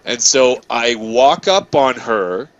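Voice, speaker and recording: While playing a video game, a male gaming channel host casually tells an angry story, swearing a lot and restarting often in an animated way. His mid-range voice moves slowly, and the recording is muffled with a little hiss or hum.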